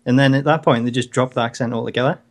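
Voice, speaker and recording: A man co-hosting a wrestling talk show in casual chat, relaxed and a little hesitant, restarting words as he works through his thoughts. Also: mid-range voice, racing. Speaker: co-host.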